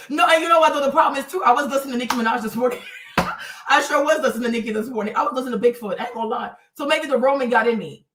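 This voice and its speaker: Speaking fast in a high-pitched voice, a woman on a live stream vents to her commenters with blunt, foul-mouthed directness. The audio is roomy and captured from a distance, with a noisy background.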